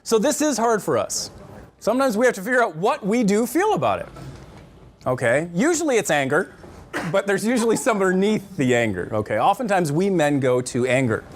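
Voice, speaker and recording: Animated, high-voiced male marriage counselor. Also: brisk, a little hiss or hum. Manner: animated and joking, acts out quotes in voices. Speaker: marriage counselor teaching a class. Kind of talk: lively lecture to a marriage class. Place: church classroom with a live group.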